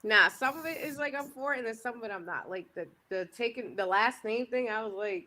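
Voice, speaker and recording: A woman's voice: a little high, lively intonation, brisk, few pauses, bright, forceful tone. A woman taking part in a casual panel chat by call. She speaks hesitantly, hedges her opinions and trails off. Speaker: panel guest.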